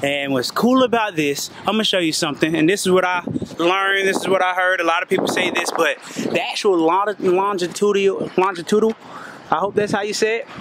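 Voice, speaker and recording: A man's voice: high-pitched, fairly quick, background noise. Chatty American man vlogging on travels. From North Carolina, USA. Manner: laid-back, chatty, talks to viewers and animals. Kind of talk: casual travel vlog. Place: outdoors by the ocean and in a cafe.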